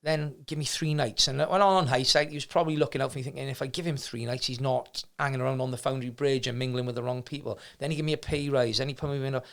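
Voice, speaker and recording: Fast-talking gravelly man. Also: medium pitch, steady tone, a bit bright. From Wales. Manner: rambling, many restarts, acts out quoted people. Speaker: martial arts gym owner, guest. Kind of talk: storytelling in casual conversation.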